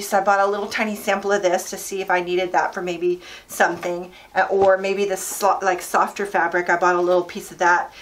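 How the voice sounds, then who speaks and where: A middle-aged woman vlogging in a casual, chatty and enthusiastic way, laughing often. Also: medium pitch. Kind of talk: casual chat.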